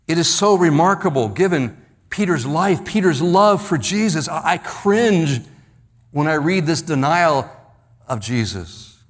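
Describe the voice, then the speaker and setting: A man preaching a verse-by-verse sermon, slowing down and dropping his voice low to stress key words, often repeating himself. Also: lively intonation. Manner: slows and drops low for emphasis, repeats words. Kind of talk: expository sermon.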